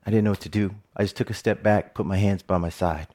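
A middle-aged TV presenter with a lowish voice tells personal stories at a fast pace. He is animated and jokey, laughing often as he goes.

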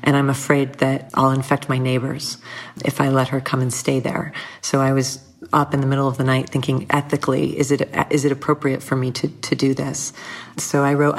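A woman speaking as an interview guest, reflective and conversational, telling personal stories with small restarts and soft laughs. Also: a bass voice, monotone, normal speed. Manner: thoughtful, warm storytelling with frequent restarts and light laughs.

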